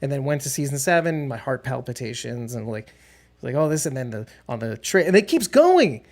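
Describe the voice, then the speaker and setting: A man's voice: medium pitch, sing-song, moderate pace, gravelly. A man hosting a casual podcast, rambling and correcting himself as he goes and laughing often. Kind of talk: casual chat.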